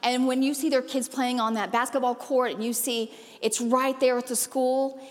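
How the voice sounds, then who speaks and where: Woman pastor giving a sermon, high voice, playful and punchy, long echo from a big church hall. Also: moderate pace. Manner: animated, playful and emphatic, with sudden loud jumps in pitch. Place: church auditorium.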